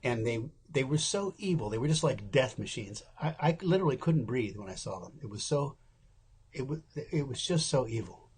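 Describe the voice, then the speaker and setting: A man's voice: medium pitch, lively intonation, normal speed, a little mellow, a little hiss or hum. A man in his seventies, an interview guest, telling candid stories in a wry, casual way and acting out the people he quotes.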